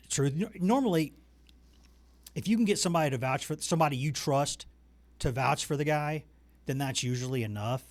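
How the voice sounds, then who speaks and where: A man's voice: mid-range voice, no echo. A man hosting a casual sports talk show, rambling and joking at his own expense. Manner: rambling, joking, self-deprecating.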